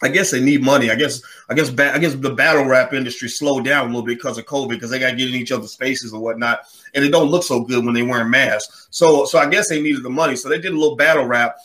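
A man hosting an opinion podcast, delivering a heated, sarcastic monologue with wide swings in delivery. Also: quick pace. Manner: heated, sarcastic, mocks others in put-on voices; animated, swings pitch widely. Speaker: podcast host.

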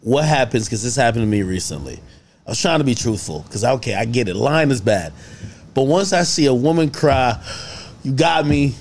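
A man's voice: medium pitch, big pitch swings, a little fast, slight background noise. A man hosting a casual interview, asking questions in a joking, teasing way. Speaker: podcast host.

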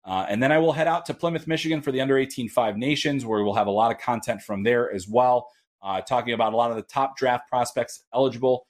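A man's voice: medium pitch, fast. A man hosting a hockey prospect podcast, talking casually and loosely with frequent fillers and restarts. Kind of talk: casual solo podcast talk.

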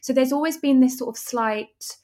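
A woman's voice: high voice, normal speed, darkish tone. A woman, a documentary filmmaker, answering interview questions in an earnest, explanatory way.

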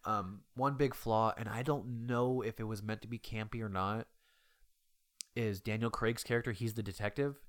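Man, fairly low voice, casual film chat, rambling, hesitant restarts. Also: steady tone, moderate pace.

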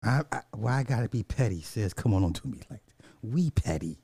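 A man's voice: on the low side, expressive, a little fast, gravelly, warm tone, slightly rough, dry recording, clean studio sound. A man, reacting to music clips in casual commentary, blunt and petty, drawing out repeated words. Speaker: reaction streamer.

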